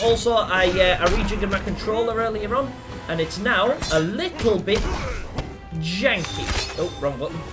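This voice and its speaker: A man hosting a let's-play video, commenting excitably, laughing and swearing as he shouts at the game. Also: high-pitched. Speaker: gaming video host. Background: game music.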